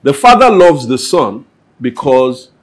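A man's voice: medium pitch, big pitch swings, takes it slowly. Man in a church Q&A. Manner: conversational, acts out everyday scenes with little quoted voices. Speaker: church speaker answering questions. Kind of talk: Q&A talk.

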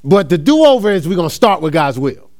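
A man's voice: high-pitched, sing-song, fairly quick, a little mellow. A middle-aged man from New Jersey preaching a sermon as a laid-back story, laughing often and calling the crowd y'all. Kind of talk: sermon with personal stories.

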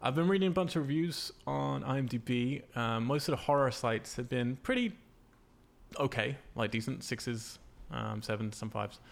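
A man's voice: medium pitch, moderate pace, vocal fry. A man hosting a casual podcast about horror games and films, rambling with lots of filler words. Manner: rambling, lots of ums and uhs. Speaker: podcast host.

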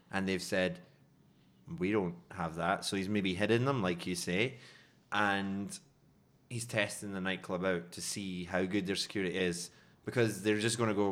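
A man with a fairly low voice co-hosting a comedic news podcast. He reads out headlines and then riffs on them in an animated, casual way, often restarting his sentences. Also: normal speed. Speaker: podcast co-host presenting news stories.

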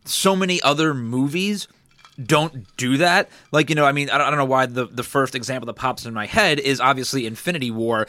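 A man's voice: medium pitch, a little fast, pushed and bright, no echo. A man co-hosting a podcast, chatty and filler-heavy as he builds his points about movies. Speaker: podcast co-host. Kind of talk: casual movie discussion.

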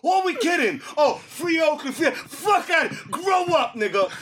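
A man ranting loudly and profanely as a podcast co-host in a heated casual sports argument. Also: extremely high pitch, very animated, normal speed, a little hiss or hum. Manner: loud, profane, shouting rants.

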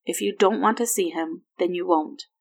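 A woman voicing a tired, tender adult mother who speaks softly and gently. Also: fairly low pitch, moderate pace. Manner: soft and gentle.

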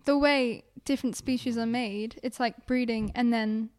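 Giggly higher-voiced woman host. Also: steady tone, a little mellow, dry recording, studio quality. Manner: giggly, quick asides and jokes. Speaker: podcast host. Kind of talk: casual chat.

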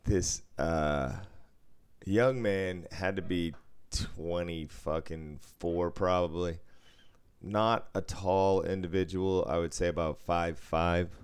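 A man's voice: deep voice, takes it slowly, clear, resonant tone. A man, a radio co-host, telling loose stories with swearing and laughs. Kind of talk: casual chat.

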